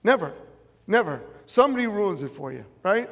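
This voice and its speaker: Emphatic high-voiced man with a Chicago accent. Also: big pitch swings, normal speed, creaky, fairly bright tone. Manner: emphatic, repeats key phrases. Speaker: motivational speaker. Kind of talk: motivational stage talk. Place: event room with audience. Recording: long reverb of a large room.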